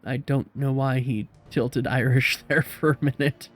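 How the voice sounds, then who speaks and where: A man hosting a game playthrough, reading the text aloud with relaxed, self-mocking asides. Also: medium pitch, measured pace, soft background music. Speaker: let's play host. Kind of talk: casual game narration and commentary.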